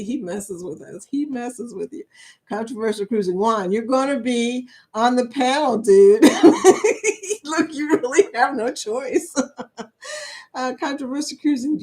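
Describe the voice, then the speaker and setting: A woman's voice: a little high, measured pace, a little mellow. A woman hosting a live stream chat, reading viewer comments aloud, laughing often and speaking. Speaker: livestream chat host.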